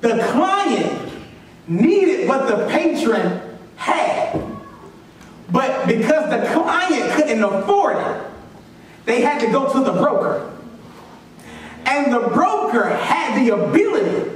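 Male pastor, preaching, call-and-response, repeats key lines, very high voice, heavy church echo. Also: big pitch swings, slow pace, long pauses, recorded from a distance, slight background noise. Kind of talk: sermon. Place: church sanctuary.

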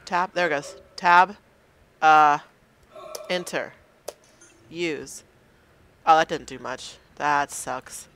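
A woman's voice: deep voice, slow, long pauses, fairly bright tone. A woman playing a horror game and commenting casually, nervous and self-mocking, talking to the game. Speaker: let's play gamer.

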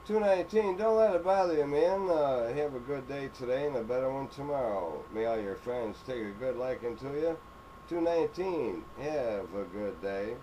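A man's voice: medium pitch, expressive, dark tone. Man on CB radio, noisy channel. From upstate New York. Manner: drawn-out call signs and sign-offs. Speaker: CB radio operator. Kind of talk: CB radio chatter. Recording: noisy radio recording with clicks.

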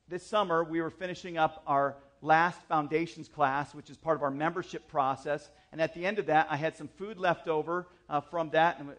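Male pastor telling a story in a sermon, kinda high voice, chatty with little jokes. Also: normal speed, few pauses. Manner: chatty, animated storytelling with asides and self-deprecating jokes. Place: church service.

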